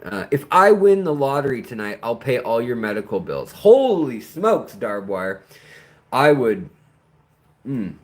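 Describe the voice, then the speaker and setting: A man hosting a casual livestream, chatting to viewers in a rambling, animated way and tripping over their names. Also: mid-range voice, unhurried. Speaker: livestream host.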